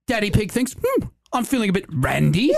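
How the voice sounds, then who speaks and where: A man's voice: sits high, huge pitch swings, a little fast, vocal fry, no echo, pitched above the performer's own voice, full character voice. A man voicing a prim, dry-mannered British cartoon father pig. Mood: prim, smutty.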